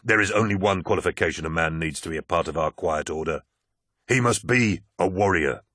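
A man's voice: deep voice, brisk, sharp tone, dry recording, clean studio sound. A man voicing a blunt, skeptical male warrior captain, read as an audiobook character.

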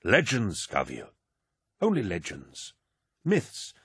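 A man voicing an older male scholar and advisor, calm and rational, in a reassuring, reasoning manner as an audiobook character voice. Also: fairly low pitch, slow, breathy edge, no echo, clean studio sound, full character voice.

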